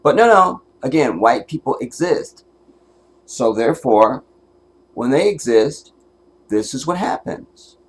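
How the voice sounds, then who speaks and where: A man's voice: medium pitch, very animated, takes it slowly, long pauses, breathy edge. A man hosting a livestream and giving commentary in an angry, profane, emotional rant, at times close to tears. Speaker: livestream host.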